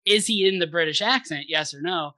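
A man co-hosting a podcast in casual chat, animated and thinking aloud in bursts. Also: a little high, brisk, dry recording. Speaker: podcast co-host.

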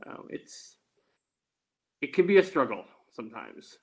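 A man, an attorney, answering interview questions in a measured, deliberate and explanatory way. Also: mid-range voice, very animated, low-quality recording. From Texas. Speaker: guest, attorney.

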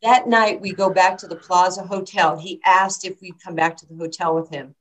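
A woman's voice: fairly low pitch, moderate pace, slight background noise, rough recording. A woman, a basketball coach telling stories in an interview and acting out the quoted lines. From New York. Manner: animated storyteller, acts out quotes. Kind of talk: storytelling interview.

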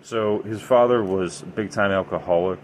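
A man's voice: deep voice, normal speed, a little hiss or hum. A man hosting a podcast, telling paranormal stories in a rambling, emphatic way with many fillers. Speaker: podcast host. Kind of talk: casual storytelling about the paranormal.

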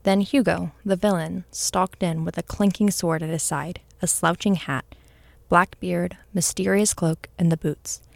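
A woman narrates a classic story in a measured, expressive way. Her voice sits low with a gravelly edge, and the recording is close and dry. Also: no room sound.

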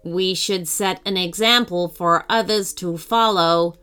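Woman doing a polite robot dog, flat, formal and slow; storybook read with soft music. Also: fairly low pitch, clear, resonant tone.

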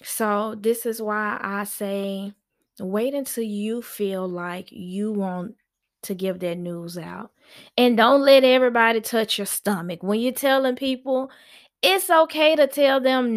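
A woman hosting a podcast, giving frank, chatty advice. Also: a little high. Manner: frank, chatty, slow and emphatic. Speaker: podcast host. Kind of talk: casual advice monologue.

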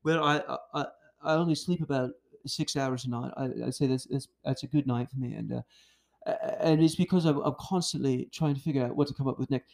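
A man doing an impression of a stammering male billionaire with a halting, slightly British-tinged delivery. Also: mid-range voice, fairly even intonation, gravelly, darkish tone, pitched below the performer's own voice, lightly acted. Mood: boastful.

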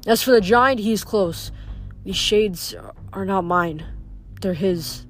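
A woman reading aloud, voicing a calm, solemn male god of death in a storybook. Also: mid-range voice, takes it slowly, faint music behind, lightly acted. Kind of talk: audiobook reading.

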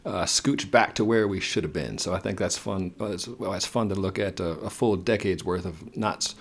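A man's voice: sits low, moderate pace, creaky. A man co-hosting a casual podcast chat, rambling and correcting himself with a joking tone. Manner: rambling, self-correcting, jokey. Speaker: co-host.

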